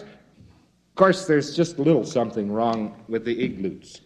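A man's voice: mid-range voice, expressive, measured pace, a little mellow. Male American lecturer with a folksy, wry delivery and a mid-range voice. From United States. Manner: folksy and wry, with jokey asides.

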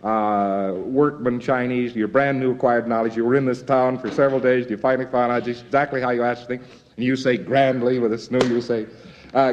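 A man's voice: medium pitch, steady tone, a little fast, lo-fi sound, a little hiss or hum. A man from the United States giving a lecture in a folksy, wry way with jokey asides.

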